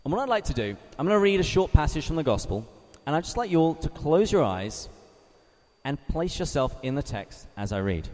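A man from England, giving a measured teaching talk to a live group, reading scripture slowly and asking his listeners questions. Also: a little high, big pitch swings, darkish tone. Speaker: Bible study speaker. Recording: reverberant hall.

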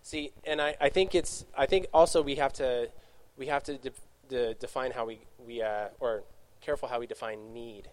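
A man's voice: mid-range voice, fairly even intonation. A man speaking casually to young adults, telling his own story in a Q&A and correcting himself often as he talks. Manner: rambling, self-correcting, quick asides. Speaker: youth speaker.

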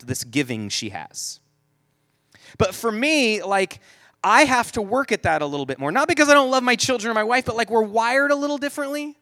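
A man's voice: high-pitched, a bit bright, no room sound. A man in his forties telling a humorous family story to an audience, chatty and self-mocking, leaning on "like" a lot. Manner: loose, chatty, self-mocking, heavy use of "like".

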